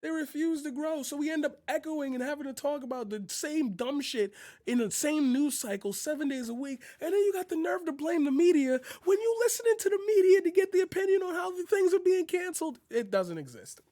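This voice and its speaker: A man's voice: very high voice, animated, a little fast, dark tone, no room sound, studio quality. A man ranting heatedly in a political vlog, profane and emphatic, repeating his phrases for force. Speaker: channel host.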